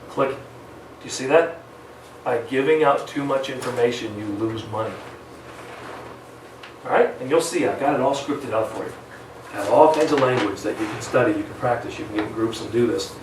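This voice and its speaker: A man with a mid-range voice, speaking a little fast, delivers a high-energy live sales training. He acts out client calls and deliberately shifts his pace, with slight background noise and echo from a distant mic.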